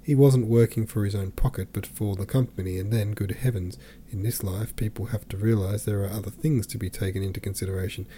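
A man voicing a distraught middle-aged woman pleading tearfully with her brother, in a low, mellow reading voice. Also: steady tone, brisk, hardly any pauses, slight background noise, close to an everyday voice. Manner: pleading, tearful, breathless run-on speech.

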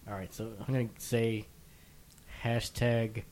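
A man's voice: mid-range voice, little pitch movement, measured pace, very noisy. A man playing a casual word game with friends, hesitant and self-mocking, loose with curse words. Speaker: game contestant.

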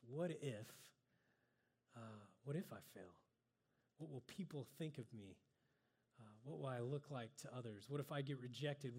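A man giving a conversational sermon, drawing on a board and joking at himself as he goes. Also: mid-range voice. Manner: conversational, self-deprecating with laughs. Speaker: preacher.

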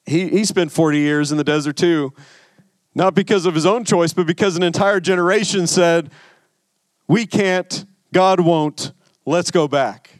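A man preaching a sermon in a loose, conversational way, stumbling over and repeating words as he goes. His voice sits a bit higher than most men's. The sound is dry, with no room around it. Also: dry recording. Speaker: pastor.

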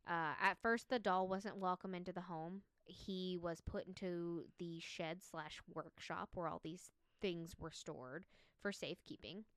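Smooth low-voiced woman telling a tale. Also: unhurried, fairly bright tone, no room sound, studio quality. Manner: chatty, laughs easily, many "like" fillers. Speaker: podcast co-host telling a story. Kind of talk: casual storytelling chat.

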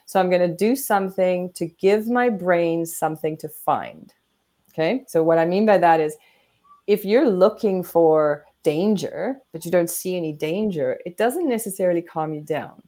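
An animated woman therapist walks listeners through calming techniques on a podcast. Her voice sits fairly low for a woman, and she brings each step to life by acting it out. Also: normal speed. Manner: animated, demonstrates breathing and acts out inner voices. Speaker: guest therapist. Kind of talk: explaining coping techniques on a podcast.

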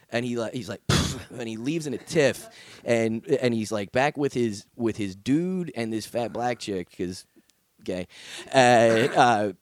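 A man, a stand-up comedian, telling a story in casual chat, profane and animated, acting out the people in it. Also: on the low side, normal speed, no echo.

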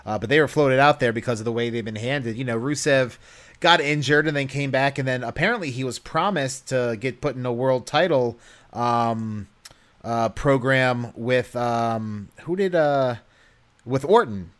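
A man on a casual podcast, rambling and filling pauses with ums and uhs. His voice sits at an ordinary middle pitch. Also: fairly bright tone. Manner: rambling, with many fillers. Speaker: podcast co-host. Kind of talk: casual chat.

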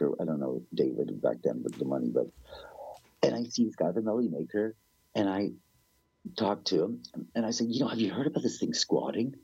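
Guy rambling thru a story, swears a lot, low husky voice, dry dull sound. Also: no room sound. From Canada. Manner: rambling, animated, swears freely, acts out quoted people. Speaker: musician guest. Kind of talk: casual storytelling interview.

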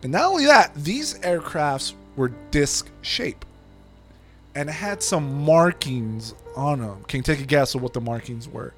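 A man's voice: on the high side, measured pace, soft background music. A man co-hosting a podcast, retelling a story in casual chat, swearing freely and acting out the quotes. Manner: profane, animated retelling with acted-out quotes. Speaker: podcast co-host.

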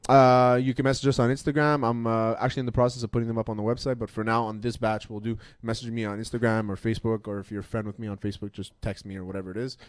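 A man's voice: lowish voice, little pitch movement, no echo, studio quality. A man co-hosting a casual podcast, rambling through stories and laughing easily. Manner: fast rambling storyteller, laughs easily, does silly voices. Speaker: podcast co-host. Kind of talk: casual sports podcast banter.

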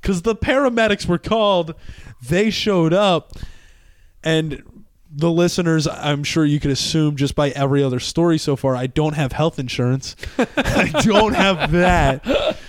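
A young man hosting a podcast, telling a story in a casual, animated way with lots of swearing and laughter. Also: fairly high pitch, a little slow, no echo, studio quality. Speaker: podcast host.

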